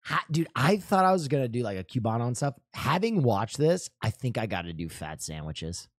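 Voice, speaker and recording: A young man from New Jersey riffs over a show he is watching, cursing freely and laughing as he rambles. His voice sits at an ordinary pitch and sounds dry and close, with no room around it. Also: big pitch swings, a little fast, dry recording. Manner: loose, profane, laughing, rambling. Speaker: commentator reacting to a show. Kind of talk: casual reaction chat.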